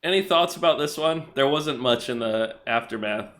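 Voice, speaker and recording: A man's voice: mid-range voice, animated, moderate pace, fairly bright tone. A man co-hosting a podcast, recapping comic book plots in casual chat and laughing often. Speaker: podcast co-host.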